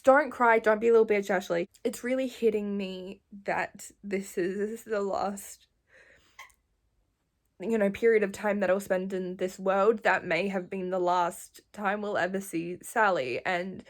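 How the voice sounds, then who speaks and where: Emotional teen girl vlogging. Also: medium pitch. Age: late teens. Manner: emotional, gushing, laughs often. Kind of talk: casual reading vlog chat. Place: at home.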